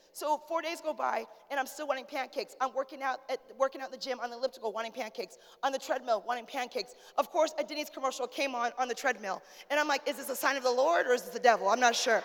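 High-voiced woman pastor preaching. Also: a bit bright. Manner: conversational, humorous, calls out to the congregation. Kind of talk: sermon. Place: church sanctuary. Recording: long church reverb.

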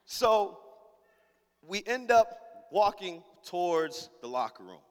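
A man's voice: high-pitched, big pitch swings, takes it slowly, smooth, in a large hall. A man preaching as a pastor, telling a funny story in a casual, slang-heavy way and acting out every character in it. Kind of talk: storytelling sermon.

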